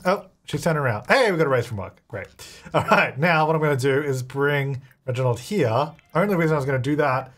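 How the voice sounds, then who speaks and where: A man's voice: fairly high pitch, lively intonation, fairly quick, fairly bright tone. A young man casually commenting on his own gameplay, chatty and giggly, talking back to the characters on screen. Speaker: gaming YouTuber.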